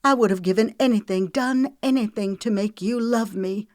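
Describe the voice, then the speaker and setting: A woman's voice: mid-range voice, moderate pace, a little mellow, dry recording, studio quality, voice pushed up, lightly acted. A woman voicing a hurt, fiery young red-haired woman in an audiobook reading, speaking in a raised, heated tone. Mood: angry, tearful.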